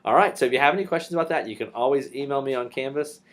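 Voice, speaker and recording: A man's voice: mid-range voice, racing. A male teacher casually telling a personal story for his class, with fillers and restarts.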